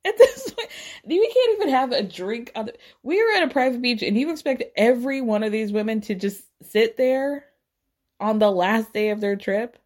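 A young woman recapping reality TV in a casual, expressive way, laughing often and swearing freely. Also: fairly high pitch, moderate pace. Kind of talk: animated casual recap, quoting cast members.

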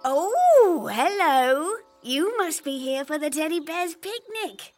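A woman's voice: very high-pitched, sing-song, takes it slowly, darkish tone, faint music behind, full character voice. A woman playing a dotty elderly mother in a comedy sketch, wandering and sing-song, easily sidetracked.

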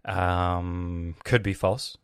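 A man's voice: deep voice, flat delivery, drawn-out words, smooth, no room sound, clean studio sound. A man talking on his solo podcast in a rambling way, swearing and trailing off into tangents.

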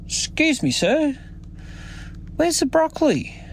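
A man's voice: extremely high pitch, very animated, slow, slight background noise, pitched above the performer's own voice, heavily acted. An Australian man voicing a persistent old woman shopper who keeps asking the same question. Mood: insistent.

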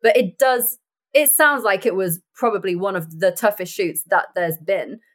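Chatty, laughing actress. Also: female voice, medium pitch, moderate pace. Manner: chatty, laughs often, animated storytelling. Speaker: actress and podcast guest. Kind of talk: casual chat.

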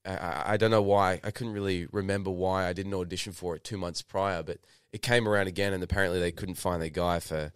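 Young Australian guy, deep and smooth, rambling storyteller, dry close mic. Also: fairly even intonation, quick pace, few pauses, no echo. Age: 20s. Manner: rambling, lots of fillers and restarts, swears casually. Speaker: podcast guest, actor. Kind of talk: casual interview storytelling.

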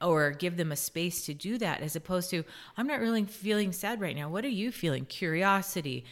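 Low-voiced woman podcast host. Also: expressive, fairly quick. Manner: earnest, tells stories from her own parenting. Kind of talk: casual podcast conversation.

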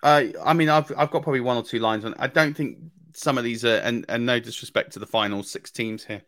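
A man's voice: medium pitch, steady tone, brisk, a bit bright, no echo. A man co-hosting a fantasy football podcast, giving casual analysis with many ums and restarts.

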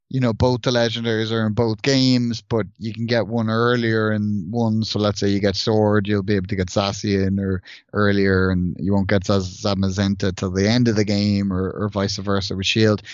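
A man's voice: lowish voice, no echo, lo-fi sound. A man co-hosting a gaming podcast, chatting loosely with many restarts and reading out news items. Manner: rambling, many restarts and fillers. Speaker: podcast co-host.

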